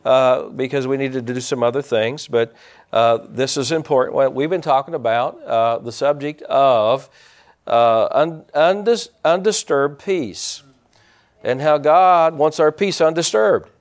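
A man's voice: medium pitch, a little slow. A man preaching a sermon to his congregation in church, folksy and rambling, breaking off for asides to people in the pews. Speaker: pastor.

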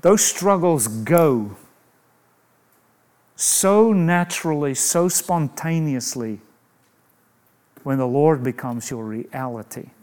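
A man's voice: a little high, animated, slow, long pauses, darkish tone. A man preaching a sermon in an emphatic way, asking rhetorical questions and adding humorous asides.

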